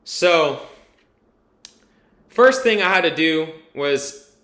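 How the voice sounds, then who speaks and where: A man's voice: fairly high pitch, lively intonation, extremely slow, fairly bright tone, roomy sound. A man rambling candidly through a personal vlog testimonial, full of fillers and casual swearing. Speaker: vlogger giving a testimonial.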